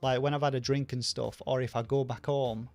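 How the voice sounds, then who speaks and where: Flat-voiced Northern English man, rambling. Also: medium pitch, a little fast, no room sound. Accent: Rochdale, Greater Manchester, softened. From Northern England. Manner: rambling, many fillers and restarts. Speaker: channel host answering viewer questions. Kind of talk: casual livestream chat.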